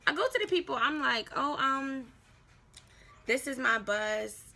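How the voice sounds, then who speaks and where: A young woman with a New York accent telling a storytime vlog, lively and swearing as she acts out what people said. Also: high voice, a little slow, vocal fry. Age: young adult. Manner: animated, swearing, acting out quoted voices. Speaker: vlogger. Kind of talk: casual storytime.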